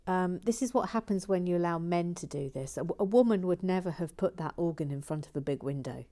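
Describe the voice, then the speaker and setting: A middle-aged woman chats as she builds and reads out viewer comments. Her voice sits low and sounds warm and relaxed. She is dryly funny, and she keeps slipping into quiet, half-whispered muttering to herself. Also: a little fast. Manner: chatty and wry, drifts into soft half-whispered muttering. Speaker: LEGO building channel host.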